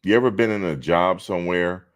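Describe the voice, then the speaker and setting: Very deep-voiced, blunt man hosting a stream. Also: a little fast. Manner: blunt, outspoken, swears freely. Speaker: live stream host. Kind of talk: casual live stream commentary.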